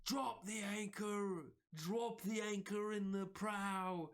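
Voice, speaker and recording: A man putting on a gruff cursing airship pilot. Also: sits high, measured pace, pitched above the performer's own voice, exaggerated voice. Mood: commanding. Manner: shouting orders, cursing, exasperated.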